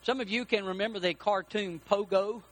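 A man preaching a sermon as pastor, telling a story with lively character voices. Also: sits high, normal speed.

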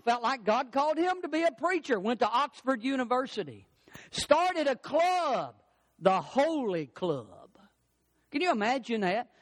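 An older man delivers a sermon from the pulpit with a strikingly high voice. His pitch swings widely as he drives points home in an emphatic, repetitive cadence. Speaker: pastor.

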